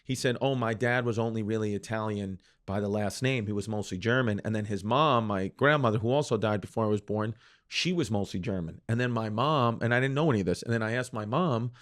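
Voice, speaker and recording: A man's voice: lowish voice, a little fast. A man, telling joking stories as a podcast guest. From United States. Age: late 30s. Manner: joking, storytelling, deadpan provocations. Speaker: comedian guest. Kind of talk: casual podcast banter.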